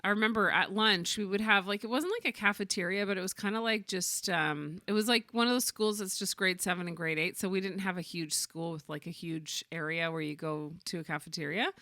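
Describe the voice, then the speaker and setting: Bright-voiced chatty woman co-host. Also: fairly low pitch, fairly quick, few pauses, no echo, clean studio sound. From Canada. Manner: chatty, animated storytelling with playful mock voices. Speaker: podcast co-host. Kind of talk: casual chat.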